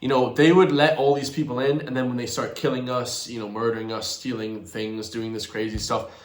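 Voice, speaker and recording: Irish male host, indignant reaction rant to his viewers, mid-pitched voice, roomy echo. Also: little pitch movement, a little fast. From Ireland. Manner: indignant, ranting, keeps addressing viewers as guys. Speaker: channel host commenting on a protest video.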